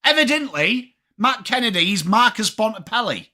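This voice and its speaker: A young English man hosting a live sports watchalong, talking fast and casually, swearing freely and answering chat by name. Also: high voice. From England. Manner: animated, swearing, reads chat names aloud. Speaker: livestream host.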